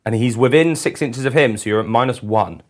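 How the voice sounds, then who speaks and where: Guy at a wargame table, explains the rules flatly, casual chat. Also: mid-range voice, brisk. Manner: explains rules matter-of-factly.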